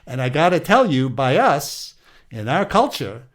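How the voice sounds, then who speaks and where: A man's voice: on the high side, sing-song, a little slow. A man playing the aging patriarch Isaac, an aggrieved older man telling his story with a Yiddish-inflected accent and old-world exclamations. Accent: Yiddish-inflected English. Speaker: interviewee. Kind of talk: comedic improvised interview.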